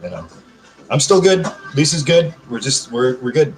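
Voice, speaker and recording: A man's voice: mid-range voice, big pitch swings, normal speed, soft background music. Crude, joking man chatting on a live stream. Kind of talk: casual live-stream chat. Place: home.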